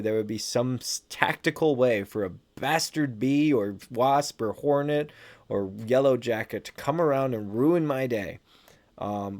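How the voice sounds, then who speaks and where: A man hosts a casual podcast conversation, easygoing and joking as he spins his stories. His voice sits at a middle pitch. His talk is full of bro and man. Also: darkish tone. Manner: laid-back, joking storyteller, says bro and man. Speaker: podcast host.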